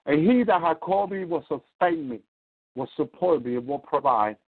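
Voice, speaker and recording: A man's voice: fairly high pitch, animated, moderate pace, slightly rough. A man preaching a fervent radio sermon, repeating his points and rising to cries. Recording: tinny phone-line radio broadcast.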